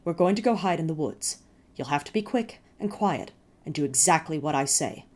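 A woman voicing a fierce, frightened farm mother who snaps sharp orders at her children. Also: sits low, lively intonation, moderate pace. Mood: urgent.

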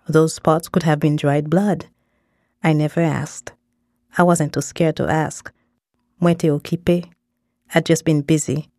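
A woman reading a first-person story aloud in a measured way, dropping in short phrases in another language. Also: on the low side, dark tone, no echo, clean studio sound. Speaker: narrator. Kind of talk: scripted story narration.

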